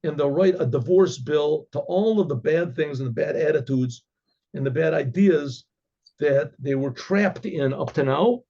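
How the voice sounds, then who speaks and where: A man, a rabbi, telling a religious story in a halting way with many restarts and frequent throat-clearing. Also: on the high side, warm tone, lo-fi sound. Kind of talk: oral storytelling.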